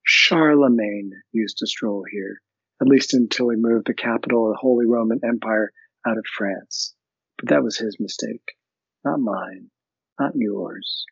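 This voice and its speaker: A man reading as a suave erudite gentleman. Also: lowish voice, gravelly, slightly rough, no room sound, heavily acted. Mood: musing. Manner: gentle, measured reassurance. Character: suave erudite English businessman, kind and reassuring. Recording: dry, slightly muffled audio.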